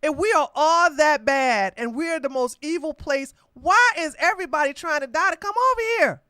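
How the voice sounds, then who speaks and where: A woman hosting a political commentary podcast, talking loudly and emphatically with blunt slang and frequent laughter. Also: high-pitched, normal speed, no room sound, studio quality. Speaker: podcast host.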